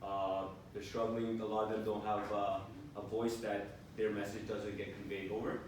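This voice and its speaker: A man's voice: fairly low pitch, little pitch movement, slight background noise. Hesitant young man, distant and echoey. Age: young adult. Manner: hesitant, halting, with fillers. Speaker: student participant. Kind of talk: hesitant impromptu answer. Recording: distant, very echoey room with faint ambience.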